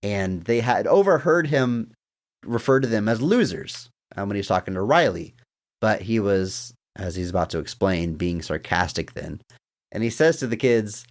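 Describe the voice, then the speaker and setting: A man's voice: on the low side, moderate pace. A man co-hosting a casual podcast, retelling scenes with animation and chuckling as he goes. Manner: animated storyteller, laughs while retelling scenes. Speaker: podcast co-host.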